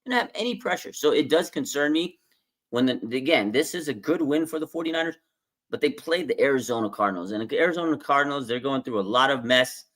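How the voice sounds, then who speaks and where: Excitable man hosting a sports fan stream. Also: medium pitch, a little fast. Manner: excitable, rambling, fan reactions. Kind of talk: casual live-stream commentary. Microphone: streaming desk mic.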